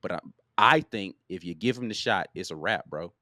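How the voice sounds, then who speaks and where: A man's voice: sits low, animated, moderate pace, bright, forceful tone, no room sound, clean studio sound. A man co-hosting a casual sports talk show, confident and emphatic, calling people bro. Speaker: podcast co-host.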